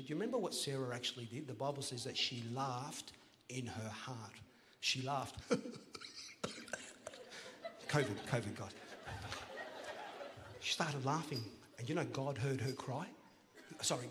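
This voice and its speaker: A man preaching a sermon as pastor, playful and joking, then rising to loud, emphatic calls to the congregation. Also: medium pitch, a little hiss or hum. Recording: long church hall reverb.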